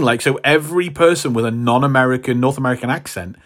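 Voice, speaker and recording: A man's voice: medium pitch, steady tone, fast talker, a bit bright. A man co-hosting a podcast in a casual, wry, teasing way. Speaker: podcast co-host. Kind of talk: casual chat.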